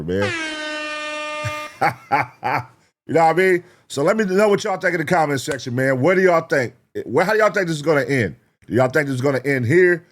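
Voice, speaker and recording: A man hosting a reaction video in loose, slangy talk. His voice sits in a middle register. He keeps repeating his points and turns to the viewers with questions. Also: medium pitch. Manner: animated, slangy, repeats himself, asks the viewers. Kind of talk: casual reaction commentary.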